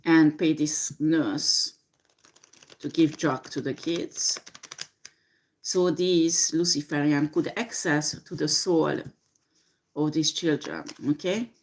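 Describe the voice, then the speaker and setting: Slow, low-voiced woman doing a tarot reading. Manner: slow, hesitant, many fillers. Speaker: tarot reader. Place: home with a dishwasher running.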